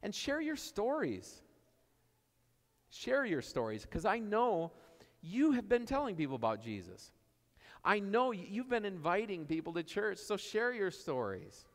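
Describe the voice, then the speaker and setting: A man's voice: high voice, big pitch swings, normal speed, fairly bright tone. A man preaching a sermon in a church, telling stories in a conversational way and repeating his key phrases. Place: church sanctuary. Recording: long church reverb.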